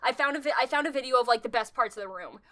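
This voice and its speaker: A young woman co-hosting a podcast, chatting casually, animated and rambling with frequent restarts. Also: fairly high pitch, very fast, very noisy. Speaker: podcast co-host. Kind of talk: casual chat.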